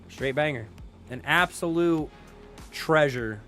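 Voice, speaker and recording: A man's voice: mid-range voice, normal speed, fairly bright tone, faint music behind. A young man hosting a casual livestream chat, laid-back and slangy, greeting viewers and laughing often. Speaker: streamer host.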